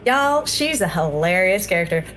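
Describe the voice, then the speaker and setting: A woman's voice: lowish voice, very animated, normal speed, fairly bright tone, soft background music. A woman casually introducing her tabletop character, chatty and self-deprecating. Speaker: player.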